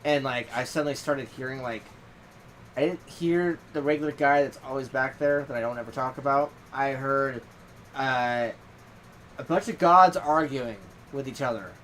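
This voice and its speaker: A man's voice: medium pitch, moderate pace, fairly bright tone, slight background noise, poor audio. A man hosting a podcast, telling a rambling story in casual chat, full of fillers and quoted dialogue. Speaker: podcast host.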